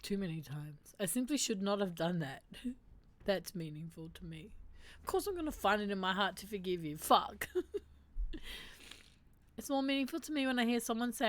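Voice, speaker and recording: A woman's voice: medium pitch, expressive, normal speed, pauses often. A woman hosting a casual stream, reading statements aloud and reacting candidly and emotionally. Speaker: streamer host. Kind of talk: casual reflective stream chat.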